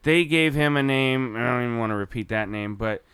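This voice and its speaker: A man's voice: mid-range voice, a little fast, fairly bright tone, clean tone, no echo. A young man guesting on a podcast, laid-back, laughing often and swearing casually. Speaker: guest musician.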